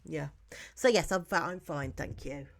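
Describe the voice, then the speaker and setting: A woman's voice: low voice, a little slow, gravelly. A woman co-hosting a podcast in casual chat, chatty and self-mocking. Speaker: podcast co-host.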